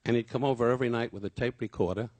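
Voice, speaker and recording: A man's voice: medium pitch, racing, a little mellow, no room sound. An older man, a comedian, giving a rambling, self-deprecating memorial tribute full of anecdotes.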